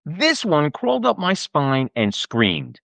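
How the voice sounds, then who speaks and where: A man's voice: a little high, huge pitch swings, slow, gravelly, a bit bright, no echo. A man hosting a podcast, delivering an exasperated, sarcastic and profane comedic rant. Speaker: podcast host.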